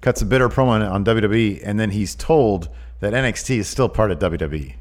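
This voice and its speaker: A man co-hosting a casual chat podcast, eagerly pitching ideas in an animated way. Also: a little fast. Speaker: podcast co-host.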